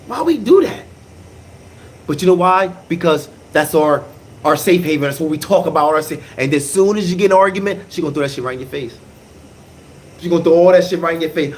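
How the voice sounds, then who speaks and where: Animated man with a lively high voice. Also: a little hiss or hum. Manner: animated, emphatic, repeats phrases, slangy. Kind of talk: casual monologue.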